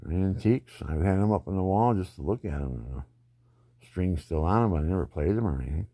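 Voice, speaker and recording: A man's voice: sits low, animated, a little fast, mellow, no echo, clean studio sound. An older man telling rambling personal stories in a digressive way, often laughing at his own anecdotes.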